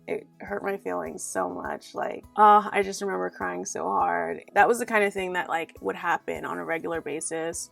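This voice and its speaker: A woman's voice: fairly low pitch, vocal fry, a bit bright. A young woman telling her personal story to her viewers in an earnest, heartfelt way, sprinkled with "like". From Nigeria. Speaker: YouTuber. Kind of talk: storytime vlog to camera.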